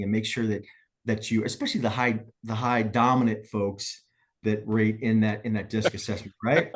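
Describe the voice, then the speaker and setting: A man's voice: fairly low pitch, little pitch movement, normal speed. A middle-aged man, a guest business coach, telling stories in a podcast interview and checking in with "right?" after his points. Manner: storytelling, frequent "right?" tag questions.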